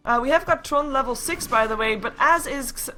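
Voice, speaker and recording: A woman from the Netherlands calls a video game match live, her voice rising with the action. Her tone is bright and clear, set a little high. A faint noise sits under the recording. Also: a little fast. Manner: rising excitement on big plays. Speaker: esports commentator.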